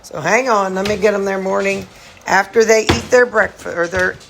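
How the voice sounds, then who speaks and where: A woman's voice: medium pitch, fairly even intonation, moderate pace, vocal fry, noisy background. A woman vlogging casually at home, rambling through her chores and morning routine while talking to her dogs. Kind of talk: casual home vlog chat. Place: at home, kitchen and storage room.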